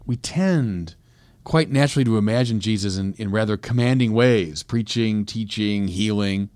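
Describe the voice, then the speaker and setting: A man preaching a sermon, swinging from quiet reflection to loud emphatic peaks. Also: on the low side, moderate pace, no echo. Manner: reflective, with small restarts and hesitations. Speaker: priest preaching.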